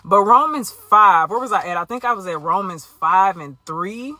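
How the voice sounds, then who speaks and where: Woman talking about her faith to camera, super bright crisp voice, dry sound, earnest and chatty. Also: mid-range voice, lively intonation, normal speed, no room sound. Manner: earnest, conversational, preachy. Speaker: Christian vlogger. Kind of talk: candid faith testimony to camera.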